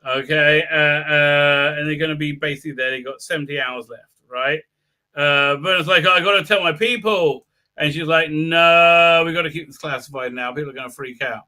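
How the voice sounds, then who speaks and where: Male host, slightly high, mocking crude humor, rambling recap full of uhs. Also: normal speed, pushed and bright. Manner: sarcastic, crude jokes, many filler uhs. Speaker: YouTube host reviewing a TV episode. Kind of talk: casual live-stream recap with mocking asides.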